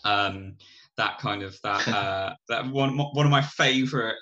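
Bright-voiced man chatting about a film. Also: on the low side, measured pace, lo-fi sound. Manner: animated, rambling, laughs often. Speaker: podcast co-host. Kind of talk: casual film review chat.

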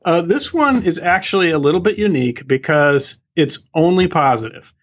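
A man's voice: fairly high pitch, animated, normal speed, breathy edge, lo-fi sound. A man who is an author and guest on a podcast, explaining his points earnestly and steadily. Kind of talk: interview answers.

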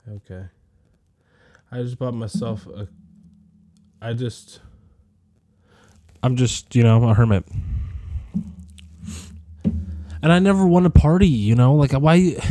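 A man's voice: medium pitch, slow, pauses often, dark tone, no room sound. A man in his twenties, sick and coughing, rambling through a profane solo audio diary that drifts from topic to topic. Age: 20s.

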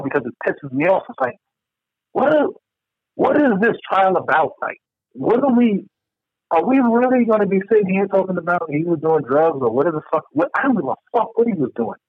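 A man talks in a casual podcast chat, heated and profane as he rants. His voice sits fairly high. The sound is dry and a little dull, with a lo-fi edge. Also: husky, dry recording.

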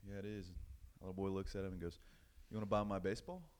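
A young man with a fairly low voice rambles through a long, crude joke on a casual podcast. He talks loosely, with plenty of swearing, the way people do among friends. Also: steady tone, very fast. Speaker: podcast co-host.

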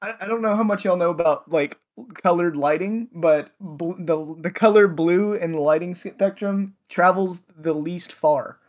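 A man's voice: sits high, measured pace. A man co-hosting a podcast in casual chat, joking and laughing often. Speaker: podcast co-host.

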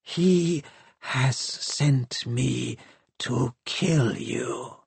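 Guy doing a creepy hissing machine-man stalker, slow and soft, kinda husky, dry close sound. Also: medium pitch, dry recording, full character voice. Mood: menacing. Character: hissing seven-foot undead cyborg stalker, male. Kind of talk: audiobook character voice.

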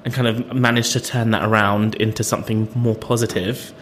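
Young british guy, guest on a podcast, low voice, thinking out loud, faint rumble behind. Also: little pitch movement, fairly quick. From Britain. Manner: reflective, hesitant, laughs often. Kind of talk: casual interview conversation.

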